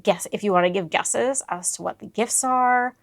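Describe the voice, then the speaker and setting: A woman hosting her crochet channel, gushing with excitement as she unboxes and shows off yarn, dropping into whispered asides. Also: mid-range voice, moderate pace, gravelly, no room sound.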